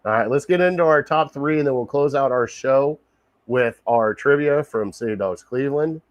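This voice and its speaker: A man hosts a relaxed podcast chat with a guest. He talks with eager enthusiasm, laughs easily and tends to say things twice. His voice sounds dry and close to the mic. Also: medium pitch, normal speed, no room sound. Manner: enthusiastic, laughs often, repeats himself. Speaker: podcast host. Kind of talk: casual sports podcast chat.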